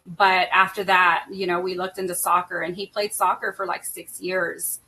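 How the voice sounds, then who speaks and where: Bright-voiced woman podcast host. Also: fairly low pitch, flat delivery, moderate pace. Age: middle-aged. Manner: emotional, laughing often, many fillers. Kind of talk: casual chat.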